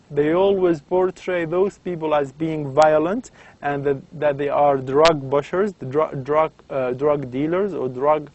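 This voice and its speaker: A man whose first language is Arabic lectures on language and society. His delivery is halting, full of "uh" fillers and restarted phrases. His voice sits a little higher than most men's. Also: darkish tone. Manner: hesitant, many fillers and restarts. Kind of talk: university lecture.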